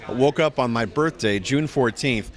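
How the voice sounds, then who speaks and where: A middle-aged man, a voice actor, chatting in a convention interview and acting out quoted lines with big swings in his voice. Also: normal speed. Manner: animated storyteller, acts out quotes with big pitch jumps. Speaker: voice actor guest.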